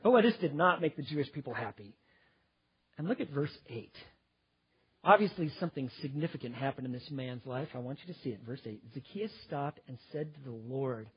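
A slightly high, husky male voice delivers a sermon, climbing to loud emphasis and dropping to near-hushed intensity. The recording sounds muffled and lo-fi. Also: animated, normal speed. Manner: dynamic preaching, swings between loud emphasis and quiet intensity. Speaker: pastor.

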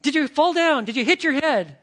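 A man's voice: very high voice, animated, a little fast, a bit bright, voice pushed up. A man playing an anxious, urgent mother. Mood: worried. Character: worried mother calling to her small son.

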